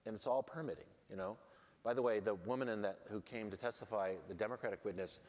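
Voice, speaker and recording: Low-voiced man, blunt, in a reverberant hall. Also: quick pace. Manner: blunt, self-deprecating, wry. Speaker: lawmaker as panel guest. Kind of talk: candid panel conversation. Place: large event hall on stage.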